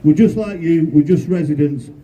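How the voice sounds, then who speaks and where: A man's voice: on the high side, moderate pace, warm tone, a little hiss or hum. A man who is a local councillor, giving a short, earnest speech at a street protest. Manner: earnest, plain-spoken. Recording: distant outdoor mic.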